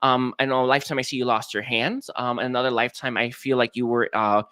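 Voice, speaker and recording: Bright-voiced man giving a psychic reading. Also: medium pitch, fairly even intonation, fast talker, clean tone, no room sound, clean studio sound. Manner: hesitant, many fillers and restarts. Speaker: psychic reader. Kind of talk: live-streamed spiritual reading.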